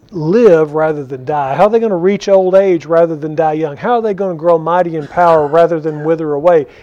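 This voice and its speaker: A man teaching a conversational Bible study, animated and full of questions to his listeners. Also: a little high. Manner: animated, rhetorical questions to the audience. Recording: dull lo-fi recording.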